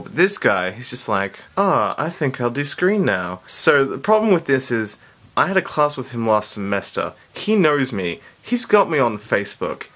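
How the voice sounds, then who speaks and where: Animated young man telling stories. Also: medium pitch. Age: young adult. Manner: animated, laughing, acts out quoted voices. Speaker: university student and vlogger. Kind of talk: casual storytelling to camera.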